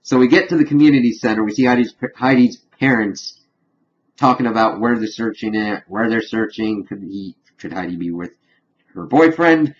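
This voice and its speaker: A man reviewing a cartoon episode in a casual spoken recap, retelling it animatedly and dipping quiet then loud. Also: on the low side, animated, moderate pace. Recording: dull lo-fi with faint hum.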